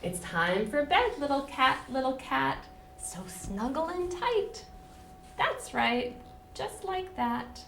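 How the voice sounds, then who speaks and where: A woman's voice: high voice, sing-song, slow pace, vocal fry, fairly bright tone. A woman teacher leading rhymes and reading a picture book to young children in a patient, sing-song way, recorded in a classroom. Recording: echoey room, distant mic, noisy.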